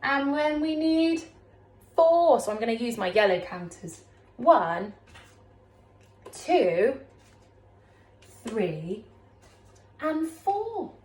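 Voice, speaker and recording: A woman teacher speaks slowly to very young children, her fairly high voice swooping up and down in a patient, encouraging sing-song. She sounds as if recorded in an echoey room. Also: sing-song, a little mellow. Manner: slow, sing-song, encouraging teacher talk with big pitch swings. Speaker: primary school teacher.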